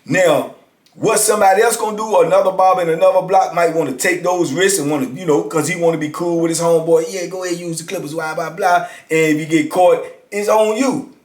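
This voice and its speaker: His voice sits high, brisk and darkish in tone as this man in his fifties shares a casual prison story. He keeps it conversational, regularly asking "you know what I'm saying," and the recording has roomy echo.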